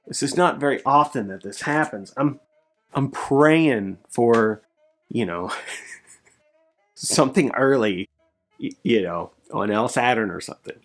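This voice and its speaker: A male record collector chats through his recent finds in a casual vlog. He gets excitable, his voice leaping up when he is thrilled before settling back low. Faint music plays quietly behind him. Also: unhurried, long pauses. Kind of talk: casual show-and-tell vlog.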